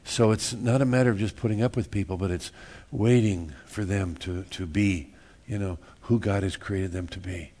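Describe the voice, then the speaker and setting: A man's voice: low-pitched, steady tone, normal speed, hardly any pauses, warm tone. A man preaching a sermon in a church, folksy and joking, repeating words and acting out little everyday scenes. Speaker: pastor.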